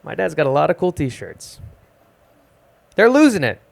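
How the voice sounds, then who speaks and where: A young man doing a self-deprecating, deadpan stand-up set at an open mic in a small music club. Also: a little high, normal speed, vocal fry. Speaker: stand-up comedian.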